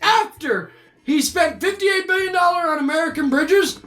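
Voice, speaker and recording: Loud, very high-pitched profane woman. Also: lively intonation, moderate pace, soft background music. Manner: loud, shouting, swears often. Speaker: podcast co-host. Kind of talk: profane comedic rant.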